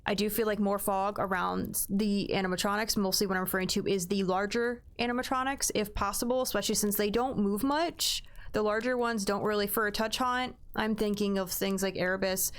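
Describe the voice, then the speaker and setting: A woman's voice: medium pitch, steady tone, a little fast, clear, resonant tone. A woman giving a casual spoken review of a haunted attraction, talking in a rambling, hesitant way with frequent restarts.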